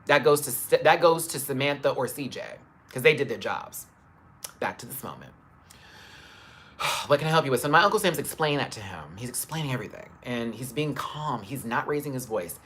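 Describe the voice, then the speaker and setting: A man's voice: mid-range voice, lively intonation, fairly quick, fairly bright tone, slightly rough. A man telling a story on a live stream into a phone camera, emphatic and swearing as he retells it in detail. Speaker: livestreamer.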